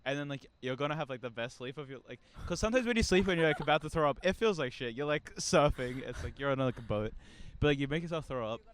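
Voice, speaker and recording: A man's voice: mid-range voice, animated, fast, clear, resonant tone. A young man chatting casually, explaining things with lots of fillers. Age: young adult. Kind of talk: casual chat.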